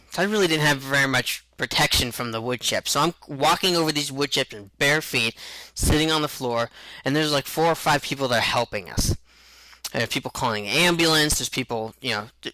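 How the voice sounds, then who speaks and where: A man's voice: mid-range voice, bright, forceful tone, no echo, low-quality recording. A young man telling a personal story in a rambling way, with halts and restarts. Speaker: vlogger recounting a truck accident.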